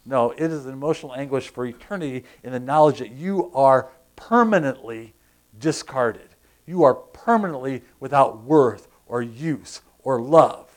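A man preaching a sermon, animated, asking the congregation questions and acting out sounds. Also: medium pitch, moderate pace. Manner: animated, acts out groans and crowd sounds, asks the congregation questions. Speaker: pastor.

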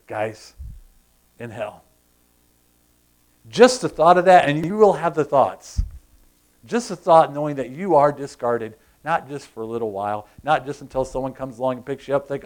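A man preaching a sermon, animated, asking the congregation questions and acting out sounds. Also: medium pitch, normal speed. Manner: animated, acts out groans and crowd sounds, asks the congregation questions. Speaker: pastor.

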